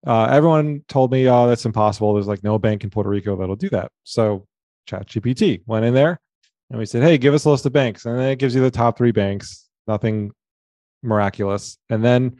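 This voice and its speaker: A man speaking as a guest in a casual business talk, relaxed and hedging, often adding "right?". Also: medium pitch, fairly quick, no room sound.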